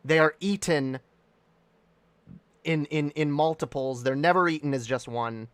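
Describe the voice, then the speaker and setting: A male streamer giving a loud, profane comedic rant, repeating himself for emphasis. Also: on the high side, a little slow, clear, resonant tone, no room sound.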